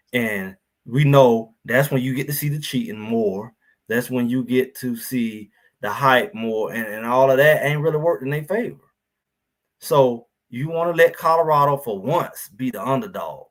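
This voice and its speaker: A man hosting a live sports talk show, talking casually and animatedly about college football, slipping into quoted voices. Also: mid-range voice. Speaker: show host.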